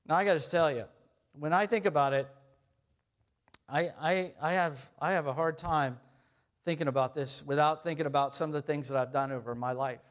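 A man's voice: fairly high pitch, normal speed. A middle-aged man preaching a sermon as pastor, conversational and self-deprecating, often laughing at his own stories.

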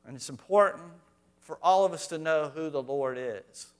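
Emphatic preaching man, fairly high voice. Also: normal speed, smooth. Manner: swings between quiet asides and loud, emphatic preaching; reads scripture aloud, addresses congregation directly. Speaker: pastor. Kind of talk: sermon.

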